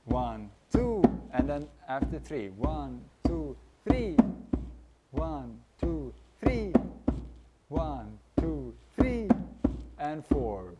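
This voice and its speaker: Man, drum teacher, slow speech, counts beats aloud, loud drumming behind. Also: medium pitch, huge pitch swings, loud music behind the voice. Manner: counts beats aloud and vocalizes rhythms while playing. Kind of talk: relaxed music lesson. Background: hand drum playing.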